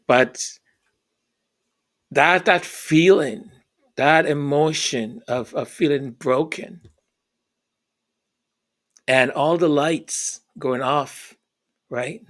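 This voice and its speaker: A man telling a personal story, halting and repeating words in an earnest way. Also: fairly high pitch, fairly bright tone.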